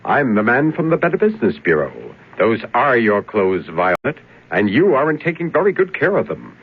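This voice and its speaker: An actor playing an eerie, calm stranger in an old radio drama, speaking in a soft, knowing way. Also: male voice, mid-range voice, normal speed, slightly rough, phone-quality sound.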